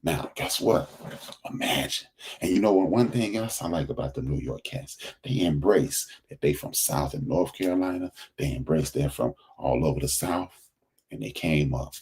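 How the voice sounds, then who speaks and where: A man's voice: very deep voice, lively intonation, normal speed, darkish tone, husky. A man hosting a podcast, talking in an emphatic, preachy way and repeating phrases for stress. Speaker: podcast host. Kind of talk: casual commentary monologue.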